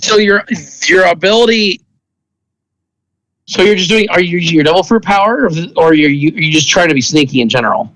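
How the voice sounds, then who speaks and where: A man narrating as game master of a tabletop game, talking in a halting way with many restarts. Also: high voice, fairly bright tone, low-quality recording.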